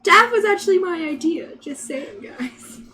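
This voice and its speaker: Bright, lively high-pitched woman player. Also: measured pace. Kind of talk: casual banter at a game table.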